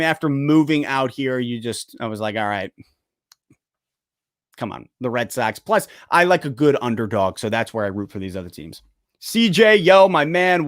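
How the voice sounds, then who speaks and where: A young man hosting a live sports stream, chatting casually and excitably while answering viewer questions. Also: mid-range voice, no room sound, clean studio sound. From United States. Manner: casual, excitable, talks to chat directly. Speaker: sports channel host.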